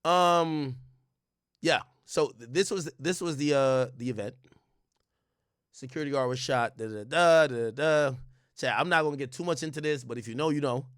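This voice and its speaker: Young male streamer, animated storyteller who acts out quotes, curses freely, raised voice, close dry sound. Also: a little high, normal speed, no echo. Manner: casual and profane, frequent restarts. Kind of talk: livestream storytelling to chat.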